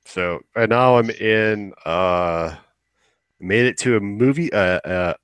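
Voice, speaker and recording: Male podcast host, low-pitched, loose rambling storyteller with casual cursing. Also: takes it slowly, fairly bright tone, clean tone, no room sound. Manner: rambling, swears casually, acts out quotes. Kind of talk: casual chat.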